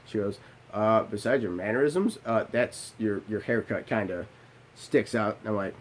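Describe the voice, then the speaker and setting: This young man speaks in a fairly low voice at a measured pace, casually recounting something that happened to him. He swears bluntly and throws in animated, self-mocking asides.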